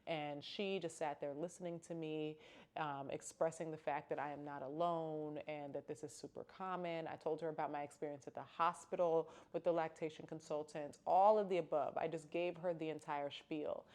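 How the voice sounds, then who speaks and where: A woman's voice: sits low, fairly even intonation, normal speed, a little mellow. A young woman telling a personal story in a casual, candid vlog, with emphatic exclamations. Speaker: vlogger.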